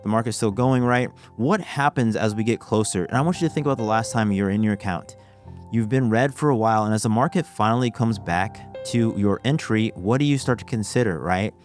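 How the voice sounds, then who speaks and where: Low-voiced man teaching chart trading. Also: fairly quick, faint music behind. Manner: casual, repeats "okay" and restarts phrases. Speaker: trading educator. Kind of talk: screen-share chart tutorial.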